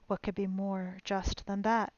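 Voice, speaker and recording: A woman voicing a vengeful young male swordsman who repeats his vow with rising intensity until he is shouting. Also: medium pitch, level tone, unhurried, no room sound, lo-fi sound, natural voice. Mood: cold.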